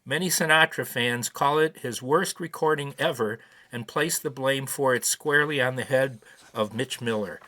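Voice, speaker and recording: A man's voice: medium pitch, moderate pace, bright, forceful tone. A man in his seventies hosting a podcast, reading prepared notes with dry, wry asides. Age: 70s. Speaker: podcast host. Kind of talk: casual commentary reading notes.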